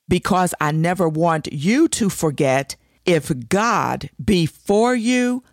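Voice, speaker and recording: A woman's voice: lowish voice, no echo, studio quality. A woman hosting a devotional show, teaching scripture with emphatic, repeated declarations.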